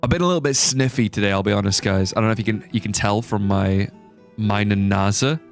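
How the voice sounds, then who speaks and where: A man's voice: lowish voice, fast, soft background music. A young man streaming a game, chatting casually and thinking aloud as he plays. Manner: rambling, thinking aloud with fillers. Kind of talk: casual live-stream chat.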